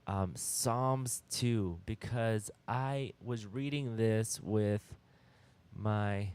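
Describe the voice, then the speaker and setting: A man's voice: on the low side, extremely slow, darkish tone, clear, resonant tone. A man leading a casual youth-group Bible discussion, teaching conversationally and checking in with "all right?".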